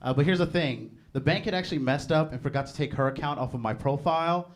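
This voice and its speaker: Give me a young male stand-up comic with a relaxed, conversational delivery. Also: a little high, quick pace. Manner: conversational, laughs at his own jokes. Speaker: stand-up comedian. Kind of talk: stand-up set.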